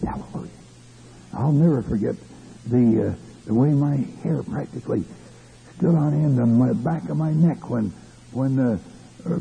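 A man's voice: mid-range voice, gravelly, a little hiss or hum. A man preaching a fervent sermon, stopping often for hallelujahs and restarting his phrases. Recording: tinny lo-fi old recording.

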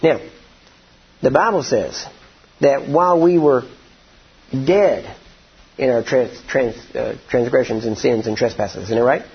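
A husky, breathy-voiced man preaching with folksy storytelling that builds to forceful declarations. The recording sounds dull and lo-fi. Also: medium pitch. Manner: folksy, drawn-out storytelling, rising to emphatic declarations. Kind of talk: sermon with storytelling.

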